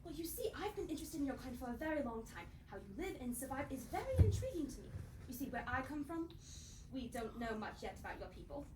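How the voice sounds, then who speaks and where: A woman playing an excitable, genteel female inventor and time traveler on a live stage, with a theatrical, breezy manner. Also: sits high, fast. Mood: explaining. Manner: theatrical, breezy, prim and gushing. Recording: roomy theatre heard from far off, noisy.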